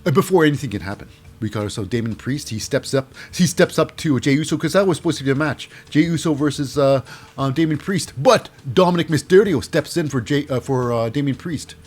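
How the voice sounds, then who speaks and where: A man's voice: mid-range voice, fairly quick, breathy edge. A man giving a casual, jokey recap of a wrestling show. He rambles and fills his talk with "uh" and "you know".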